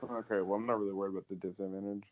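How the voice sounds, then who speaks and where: A man's voice: low voice, fairly even intonation, very fast, dull audio, slight background noise. A young man playing in a tabletop game, often exasperated and laughing, swearing casually. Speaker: player.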